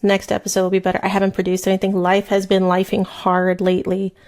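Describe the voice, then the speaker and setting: Fast-talking, swearing woman. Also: medium pitch, completely flat delivery, darkish tone. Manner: fast, profane, rambling chat. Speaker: podcast host. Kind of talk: casual true crime chat while crocheting. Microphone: headset mic, then removed.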